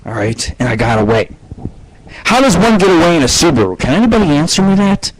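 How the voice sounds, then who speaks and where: A man's voice: fairly high pitch, sing-song, quick pace, poor audio. A man hosting his own internet radio show, telling rambling stories with lots of swearing. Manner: profane, rambling, storytelling. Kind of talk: casual rambling monologue.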